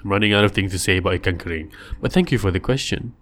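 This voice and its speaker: A man chats casually on a livestream, his voice sitting a little low. He rambles and jokes through listener questions and slips into silly voices to act out small scenes. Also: racing, a bit bright.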